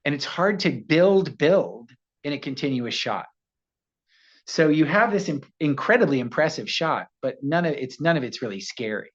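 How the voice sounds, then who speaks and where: American male actor guest, animated anecdote teller, dull lo-fi remote audio; good for an interview clip. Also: a little high, moderate pace. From United States. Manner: animated storyteller, slips into voices.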